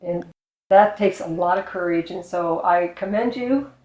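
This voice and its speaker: A woman host speaks directly to her guest as the interview wraps up. She talks earnestly and sincerely, and her voice sits a little low. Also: measured pace, darkish tone, echoey room, lo-fi sound. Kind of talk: closing remarks to a guest.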